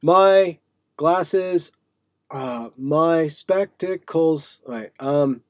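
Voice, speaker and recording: Guy rambling on his live stream, kinda high voice, dry little room, lots of ums and restarts. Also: dry recording. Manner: rambling, playful, halting with many fillers and restarts. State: sweaty. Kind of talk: casual livestream monologue. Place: small room.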